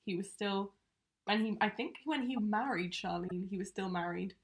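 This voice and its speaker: A woman co-hosts a true-crime podcast and walks through the case in casual, rambling chat. Her voice sits at an ordinary middle pitch, and she fills her talk with little fillers as she goes. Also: normal speed, vocal fry. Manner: chatty, many fillers like um and you know. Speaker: podcast co-host presenting the case.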